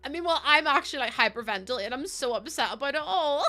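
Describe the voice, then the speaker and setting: A woman's voice: high voice, expressive, fast, few pauses, sharp tone, soft background music. A young woman streaming a game, chatting casually while laughing often and swearing freely. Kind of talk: casual chat while gaming.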